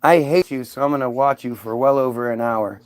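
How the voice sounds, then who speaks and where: A streamer rants sarcastically, firing back at viewer comments in a mocking, combative way. His medium-pitched voice is steady and brisk, and the recording is dry.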